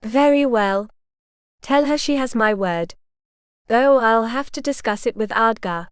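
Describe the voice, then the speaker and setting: A woman's voice: fairly high pitch, unhurried, smooth, no echo, natural voice. A woman voicing an arrogant male warrior lord who speaks dryly and curtly. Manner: dry, curt.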